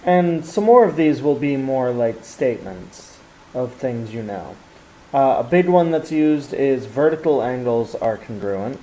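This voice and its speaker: A man's voice: medium pitch, animated, unhurried, mellow, low-quality recording. A man explaining a geometry lesson step by step, with fillers and restarts. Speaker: math teacher.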